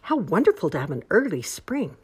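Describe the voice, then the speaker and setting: Expressive low-voiced woman reading a storybook. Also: a little fast, breathy edge. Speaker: storybook reader. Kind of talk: children's storybook read-aloud.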